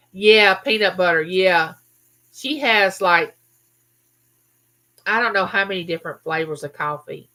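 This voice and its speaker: A woman hosting a casual live chat, chatting with viewers and reading out their comments. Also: on the low side. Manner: chatty, animated, talks straight to viewers. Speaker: livestream host.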